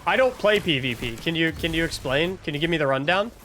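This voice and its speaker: A young male streamer venting on a livestream in a high voice. His pitch leaps around as he gets exasperated, and he trips over and repeats his words. A faint hiss of noise sits underneath. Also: expressive, quick pace, bright, forceful tone. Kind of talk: casual livestream rant.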